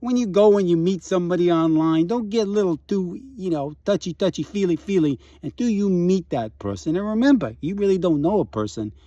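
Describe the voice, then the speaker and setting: A man's voice: sits high, expressive, brisk, few pauses, dark tone, dry recording, clean studio sound. A middle-aged man with a Bronx accent, telling a rambling comic monologue full of asides. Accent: New York, Bronx. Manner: rambling, full of "you know" and "right?". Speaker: comedic character host.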